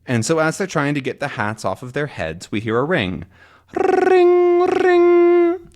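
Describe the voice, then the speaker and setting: A man's voice: medium pitch, lively intonation, a bit bright, slight background noise. A man teaching English reads through a comic and stops to explain each tricky word. His voice rises and falls a lot, and he speaks casually and patiently, restarting often. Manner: explains words slowly, many fillers and restarts.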